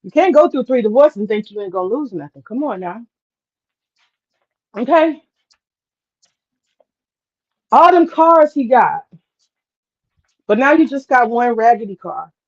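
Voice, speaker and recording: A woman talking casually on a livestream, drawling and animated as she tells a story, with asides to herself. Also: a little high, normal speed, pauses often, dull audio. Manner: animated, drawling, swears casually, mutters to herself while cooking. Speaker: host.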